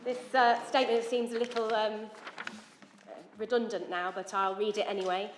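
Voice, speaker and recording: A woman's voice: mid-range voice, flat delivery, moderate pace, slight background noise. Woman reading out a council plan statement, formal with dry little digs, echoey room. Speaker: cabinet member presenting a plan. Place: council chamber.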